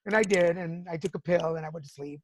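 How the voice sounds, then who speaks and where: A woman's voice: lowish voice, quick pace, noisy background. A woman hosting a podcast, telling personal stories frankly with swearing and laughter. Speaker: podcast host. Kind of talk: candid casual chat.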